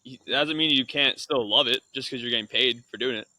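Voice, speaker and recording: Very bright-voiced laid-back man. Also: mid-range voice, a little fast, no room sound, low-quality recording. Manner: laid-back, hesitant, filler-heavy. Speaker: guest. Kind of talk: casual chat. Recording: video call.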